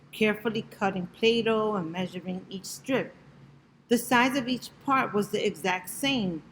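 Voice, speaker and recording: Woman reader, rhyming picture book aloud, gentle rhythm, slow pace, faint noise. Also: medium pitch, poor audio. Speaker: storybook reader.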